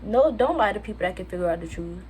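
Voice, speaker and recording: A woman's voice: mid-range voice, quick pace, a little hiss or hum. A teenage girl from Jamaica telling a casual storytime on her channel, chatty with lots of fillers. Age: teens. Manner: chatty, lots of fillers, quotes others in lively voices. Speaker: vlogger. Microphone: phone camera.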